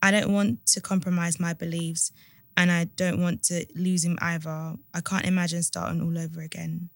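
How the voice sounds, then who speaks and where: A young woman co-hosting an advice podcast, agreeable and full of quick yeahs, reading a listener's letter aloud. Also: little pitch movement, vocal fry, dry recording, studio quality. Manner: agreeable, frequent yeahs, lowers voice when reading. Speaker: podcast co-host.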